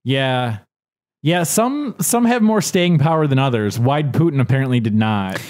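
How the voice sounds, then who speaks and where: A man's voice: medium pitch, expressive, normal speed, darkish tone. A young man co-hosting a podcast, chatting casually and rambling with lots of restarts and fillers. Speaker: podcast co-host. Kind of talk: casual chat.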